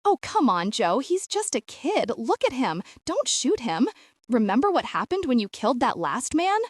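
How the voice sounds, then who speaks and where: A woman voicing an anxious woman friend who pleads in a higher, louder voice. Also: big pitch swings, moderate pace, no echo. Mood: pleading.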